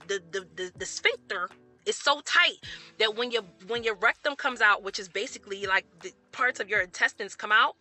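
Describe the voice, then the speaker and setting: A woman who works as a nurse, telling a story to camera in a casual, animated way and firing off rhetorical questions. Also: on the high side. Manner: animated, colloquial, jumps into loud acted reactions; asks rapid rhetorical questions to the audience.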